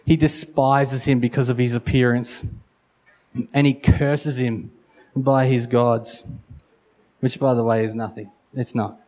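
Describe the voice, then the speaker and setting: Mellow-voiced male preacher. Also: medium pitch, steady tone, unhurried. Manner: acts out quotes, repeats phrases for emphasis. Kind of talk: sermon.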